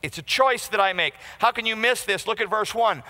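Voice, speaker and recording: A man's voice: high voice, a little slow, few pauses, sharp tone, long reverb tail. A man preaching a sermon to a congregation, emphatic and conversational, asking the listeners questions and acting out quoted remarks. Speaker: pastor.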